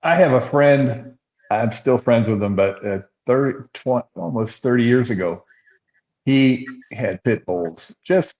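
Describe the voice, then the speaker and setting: Older male podcast co-host, rambling anecdotal storyteller, mid-pitched, slightly dull lo-fi sound. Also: a little slow, darkish tone. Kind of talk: casual storytelling chat.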